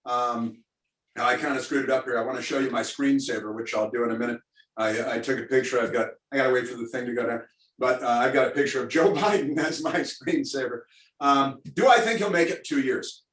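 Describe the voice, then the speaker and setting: A man's voice: mid-range voice, a little fast, fairly bright tone. A man hosting a political talk event over a video call, rambling and sarcastic with lots of fillers. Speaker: radio talk host. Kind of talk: opinionated political commentary to listeners. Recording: roomy, distant mic.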